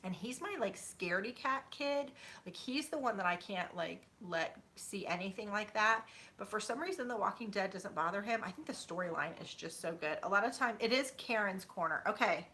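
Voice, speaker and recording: Woman, 30s, bright voice, chatty vlogger, rambling with fillers, sitting on her bed at home. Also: mid-range voice, animated, normal speed. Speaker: YouTuber. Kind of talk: casual chat with viewers.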